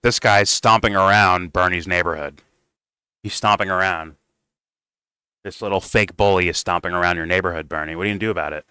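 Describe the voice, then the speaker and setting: A man's voice: low-pitched, a little fast, pauses often, pushed and bright, clean tone, no echo, low-quality recording. A man giving heated, profane commentary while reacting to political clips.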